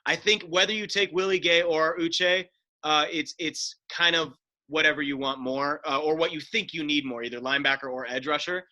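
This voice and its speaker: A man's voice: a little high, steady tone, moderate pace, sharp tone. A young man guest on a casual sports talk show, thinking aloud about picks and hesitating with fillers. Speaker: guest, mock draft participant.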